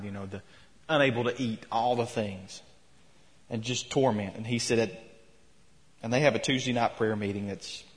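A man's voice: lowish voice, a bit bright. A man preaching a sermon in a church, telling a story and retelling quotes with rising emphasis. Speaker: pastor. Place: church sanctuary. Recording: long hall reverb.

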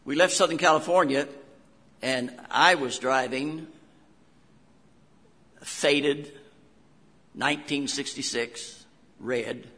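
A man's voice: fairly high pitch, takes it slowly, long pauses, sharp tone, husky, big-room sound. An older man with a West Virginia accent, a pastor preaching a sermon in a folksy storytelling way with homespun asides.

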